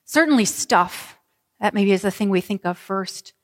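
Woman pastor, storytelling sermon, dramatic pauses, long church reverb. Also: mid-range voice, expressive. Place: church sanctuary.

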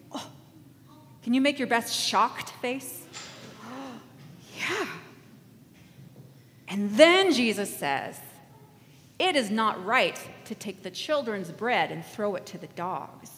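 A woman preaches an interactive sermon with a bright, higher voice that leaps around as she acts out voices and leads the congregation in call-and-response. Her voice carries through a reverberant hall with faint ambient noise behind it.

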